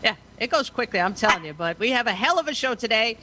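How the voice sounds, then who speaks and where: A woman talk-show host with a bright, forceful voice, speaking over a video call. She talks in a brash, playful way and swears freely. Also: on the high side, expressive, fast. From United States. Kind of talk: casual talk show hosting.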